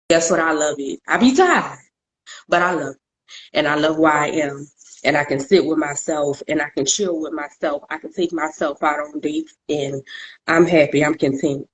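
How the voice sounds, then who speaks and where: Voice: medium pitch, low-quality recording. A podcast co-host sharing personal thoughts candidly, in an emphatic, repetitive, self-affirming way.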